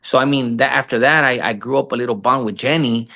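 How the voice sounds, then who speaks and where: A man in his thirties, a podcast guest, telling stories in casual slangy talk full of cursing, calling people "bro" and "fool", and jumping up in pitch to act out the voices of people he quotes. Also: fast, creaky, bright, forceful tone. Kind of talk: casual storytelling interview.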